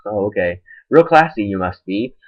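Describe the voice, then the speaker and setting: A man's voice: fairly low pitch, lively intonation, normal speed. Young guy venting on webcam, exasperated, dull lo-fi webcam audio. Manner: exasperated, retells a quarrel in quoted back-and-forth. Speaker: webcam vlogger. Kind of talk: ranting webcam monologue. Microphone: webcam microphone.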